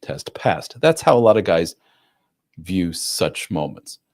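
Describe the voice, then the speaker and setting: A man's voice: deep voice, sing-song, darkish tone. A man hosting a live advice stream, talking bluntly and conversationally with mild swearing, often acting out what other people say. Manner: acts out other people's lines in quick voices.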